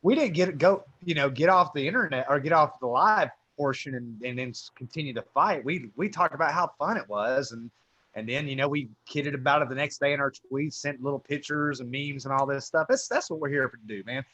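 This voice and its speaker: A man's voice: medium pitch, fairly quick, pushed and bright, no room sound, lo-fi sound. Rambling male co-host, dry sound. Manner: rambling, restarts, chuckles. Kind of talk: casual chat.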